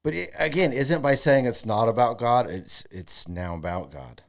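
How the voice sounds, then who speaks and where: A man's voice: medium pitch, expressive, moderate pace, creaky. A man co-hosting a comedy podcast, joking around in casual chat and reading listener comments aloud. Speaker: podcast co-host.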